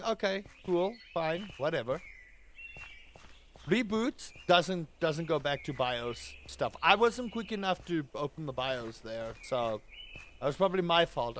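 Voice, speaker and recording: Chatty South African man, slightly high. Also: a bit bright, slight background noise. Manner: chatty, ranting, playful exaggeration. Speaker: live streamer. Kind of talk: casual live game-stream chat.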